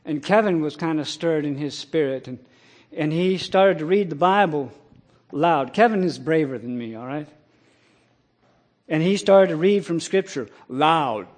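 A middle-aged man preaching a sermon, telling a personal story in a plain way and breaking into loud, impassioned scripture quotes. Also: on the high side, expressive, measured pace. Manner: rises to loud impassioned preaching, then drops to quiet storytelling.

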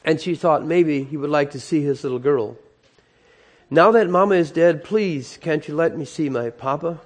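A man's voice: on the high side, normal speed, close to an everyday voice. A man preacher voicing a poor little girl who pleads tearfully to see her father. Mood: pleading.

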